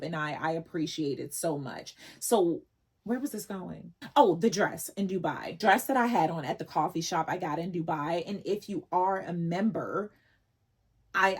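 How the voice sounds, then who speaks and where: A woman with a lowish, husky voice chats straight to her viewers in a casual vlog. She sounds emotional and effusive and keeps circling back over her own words. She is in her forties. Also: a little mellow. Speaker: vlogger.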